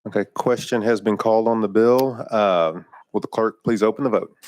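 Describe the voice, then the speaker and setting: A man's voice: on the low side, normal speed, a little mellow, no echo. A man chairing a legislative committee hearing, running votes in a plain, procedural way with frequent fillers, speaking into a desk microphone.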